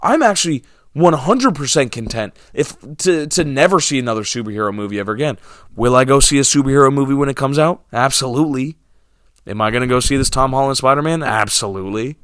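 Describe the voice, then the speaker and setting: A man's voice: mid-range voice, expressive, quick pace, a bit bright, dry recording, studio quality. A young man ranting casually to his viewers about movies and theaters, sarcastic and exasperated, dropping to mumbles and then flaring up. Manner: exasperated, sarcastic, swinging between mumbles and outbursts. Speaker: movie vlogger.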